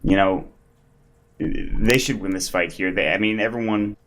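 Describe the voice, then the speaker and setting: A man's voice: lowish voice, steady tone, unhurried, a bit bright, slight background noise. A young man casting a live esports match, giving chatty analysis full of fillers. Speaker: esports caster. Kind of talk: live game commentary.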